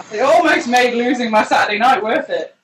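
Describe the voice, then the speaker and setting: A woman player chatting playfully and excitably over a video call while making her tabletop character. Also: fairly high pitch. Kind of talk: casual chat while creating a character. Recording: echoey room, noisy video call.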